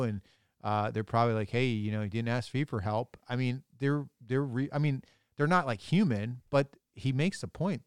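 A man's voice: mid-range voice, no room sound, clean studio sound. A man, a priest co-hosting a podcast, chatting casually and rambling, often restarting his sentences. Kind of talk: casual chat.

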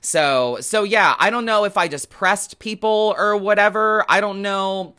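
A man hosting a tarot podcast, talking in a casual, animated, sarcastic rant full of swearing. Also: sits high, a little slow, clear, resonant tone. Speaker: tarot reader and podcast host. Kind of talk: casual ranting chat.

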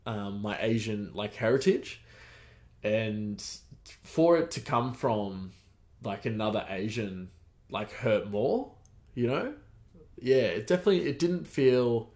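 A man, hosting a podcast and telling a personal story in a loose, rambling way, with restarts and soft laughs. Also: mid-range voice. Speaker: podcast host. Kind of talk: casual storytelling monologue.

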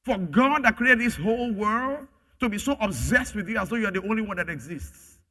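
A pastor preaching a sermon, swinging from loud emphatic bursts to quiet asides. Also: male voice, lively intonation, fairly quick. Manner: emphatic, rising to loud bursts then dropping low.

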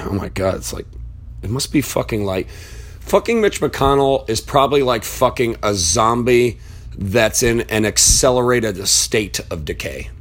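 A man giving a profane political rant, blunt and heated, who rambles as he searches online at his computer. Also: lowish voice. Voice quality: blunt and heated, swears freely. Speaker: political commentator.

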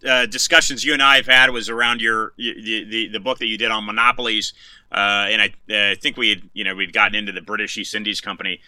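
A man interviewing a guest, halting, with many fillers and restarts. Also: on the low side, level tone, pushed and bright, clear, resonant tone, no echo, poor audio. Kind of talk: casual interview.

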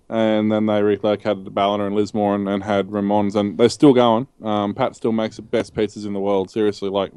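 A man's voice: lowish voice, a little mellow, clear, resonant tone, dry recording. An Australian man co-hosting a casual chat, telling rambling anecdotes full of ums and restarts. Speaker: co-host.

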